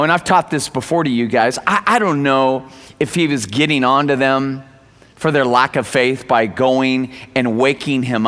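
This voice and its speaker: A man preaching a sermon to a congregation, lively and conversational, acting out the people in his stories. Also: mid-range voice, in a large hall. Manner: animated, acts out quoted voices. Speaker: pastor. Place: church.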